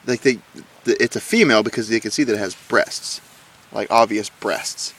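A man co-hosting a podcast in casual chat, talking in excited, rambling stretches full of restarts. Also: on the low side, moderate pace, slightly rough.

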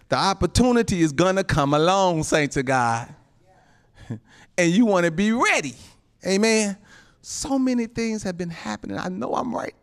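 Soft, low asides alternate with loud, high exclamations as a man preaches his sermon. Amens and chuckles come up again and again.

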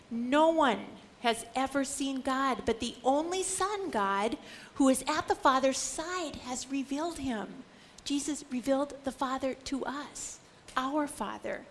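A woman giving a Catholic teaching lecture to a group, animated and fond of repeating phrases for emphasis. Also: high-pitched, measured pace, slight background noise.

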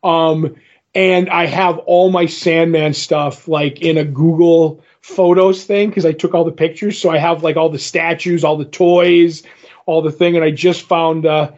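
A man's voice: a little high, flat delivery, unhurried, a little mellow, muffled recording. A man co-hosting a comic book podcast, retelling a story in a rambling, casual way with lots of fillers. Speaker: podcast co-host.

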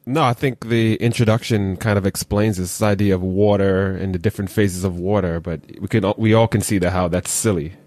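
A man with a fairly low voice co-hosts a casual podcast. He speaks in a measured way, thinking aloud as he goes. The recording is dry. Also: steady tone, a little mellow, no room sound. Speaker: podcast co-host. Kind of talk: casual theological discussion.

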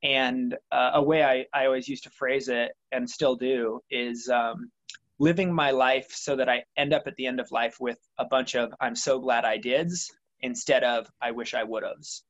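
A man's voice: medium pitch, steady tone, normal speed, fairly bright tone, muffled recording. A young adult man answering interview questions about his motivation, thoughtful and rambling with many fillers. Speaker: interview guest, triathlete. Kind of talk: reflective conversational interview.

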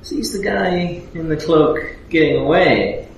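A man playing a tabletop game who describes his character's actions in a measured, matter-of-fact way. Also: fairly high pitch, gravelly. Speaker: player. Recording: distant mic in echoey room with background noise.

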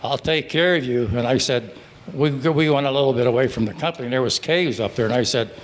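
An older man from Pittsburgh telling his service stories at a live breakfast gathering in a restaurant, in a halting, rambling way with many restarts. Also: medium pitch. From Pittsburgh, Pennsylvania. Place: restaurant dining room.

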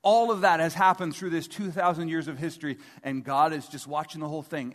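A man, a pastor, delivering a sermon to his congregation in a relaxed, conversational way, often asking the room rhetorical questions. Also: medium pitch. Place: large church hall before a congregation. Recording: long reverb of a large hall.

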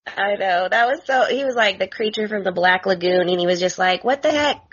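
A woman co-hosting a podcast in casual chat, animated and quick with exasperated asides. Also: medium pitch, breathy edge, dull audio. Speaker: guest co-host. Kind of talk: casual soap opera recap chat.

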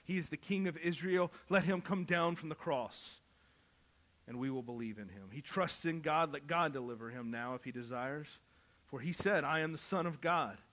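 A man preaching a sermon, moving from quiet Bible reading to loud, impassioned calls. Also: a little high, normal speed. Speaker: pastor.

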